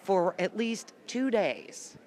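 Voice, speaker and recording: A woman's voice: medium pitch, very animated, slow, a little mellow. A woman hosting a casual interview, laughing easily and reacting encouragingly to her guest. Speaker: interview host.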